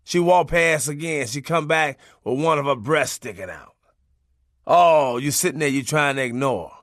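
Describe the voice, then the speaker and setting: A man's voice: fairly high pitch, moderate pace, a bit bright, no room sound, clean studio sound. A man narrating a comic memoir in a loose, profane, conversational way, laughing as he goes. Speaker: audiobook narrator.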